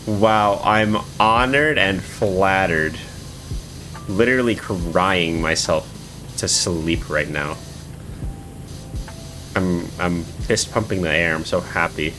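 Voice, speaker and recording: A man's voice: sits low, slow pace, pauses often, pushed and bright, soft background music. A man streaming live, chatting casually with viewers in a rambling, swearing way with lots of filler words.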